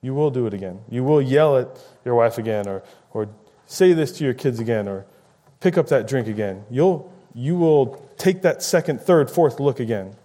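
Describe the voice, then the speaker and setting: A man's voice: mid-range voice, lively intonation, normal speed, warm tone. A man preaching a conversational sermon, paraphrasing scripture and acting out quoted lines with rising emphasis.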